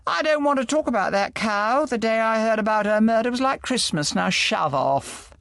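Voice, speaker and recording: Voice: medium pitch, animated, normal speed, creaky, fairly bright tone, dry recording, voice pushed up. A reader voicing a harsh, rude woman in her late thirties in an audiobook. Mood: hostile.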